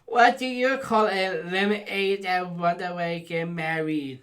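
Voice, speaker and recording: A man's voice: sits high, steady tone, a little slow, a bit bright. A man co-hosting a casual podcast, giving short cheerful replies and telling simple jokes. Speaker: podcast co-host.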